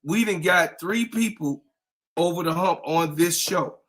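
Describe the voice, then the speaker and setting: A man co-hosting a casual sports livestream, hyping and repeating shout-outs to the audience. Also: sits high, measured pace. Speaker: podcast co-host.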